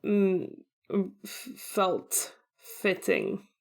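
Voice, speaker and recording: A woman's voice: mid-range voice, very slow. Woman thinking aloud with dry humor. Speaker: podcast co-host and episode editor. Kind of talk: casual chat about tabletop games.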